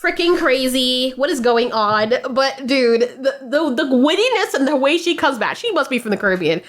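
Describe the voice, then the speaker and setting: A woman hosting reaction commentary, who rants in an animated way, swears and laughs. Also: high-pitched, normal speed. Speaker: reaction video host.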